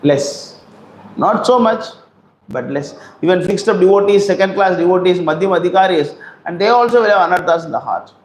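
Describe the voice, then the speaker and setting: A man's voice: sits high, expressive, a little fast, slight background noise. A man giving a scripture class, asking rhetorical questions and acting out quotes. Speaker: preacher. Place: temple hall. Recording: roomy hall echo.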